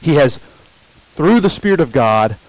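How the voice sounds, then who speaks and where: A male pastor preaching a sermon, repeating key phrases slowly for emphasis and putting questions to the congregation. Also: fairly high pitch, sing-song, dry recording, rough recording.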